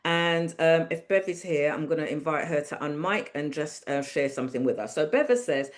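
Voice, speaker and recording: A woman's voice: low-pitched, moderate pace. A woman hosting a property Q&A clinic over a video call, talking casually and upbeat, reassuring her audience. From Caribbean.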